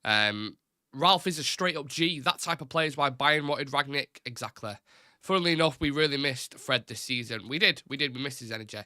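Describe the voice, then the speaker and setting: A man's voice: medium pitch, lively intonation, a little fast, sharp tone, no room sound, clean studio sound. A man hosting a live fan stream, chatting casually and reading out viewer comments in a rambling, self-deprecating way. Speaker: host of a live fan show.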